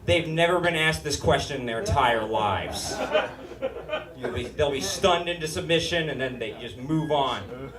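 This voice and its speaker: A young man from Utah doing a stand-up comedy set with a whiny, nasal delivery that rises into shouts. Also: medium pitch, expressive, measured pace, a crowd in the background. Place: live comedy stage before an audience. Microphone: stage microphone. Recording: roomy live-venue sound, mic a bit distant. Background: audience laughter.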